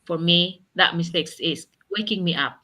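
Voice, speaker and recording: A woman's voice: fairly low pitch, moderate pace, pushed and bright. A woman on a video call talking earnestly in a casual chat, often laughing as she speaks. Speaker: accountability partner sharing in a group chat.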